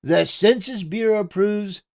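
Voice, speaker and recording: A man's voice: sits high, slow pace, creaky, darkish tone, full character voice. A man putting on an impression of a brash, boastful older male politician, speaking in emphatic, repetitive bursts and praising himself.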